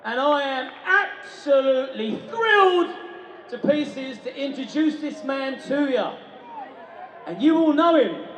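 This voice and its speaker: A man's voice: very high voice, expressive, unhurried, a bit bright. A man compering an outdoor rally through a handheld mic, joking and rousing the crowd. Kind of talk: shouted rally speech. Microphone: handheld mic over a PA. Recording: echoey PA in a noisy street crowd. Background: crowd noise.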